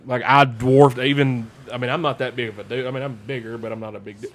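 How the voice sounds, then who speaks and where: A man telling rambling, animated stories in casual chat and acting out the quotes. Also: medium pitch, fast talker. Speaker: podcast guest storyteller.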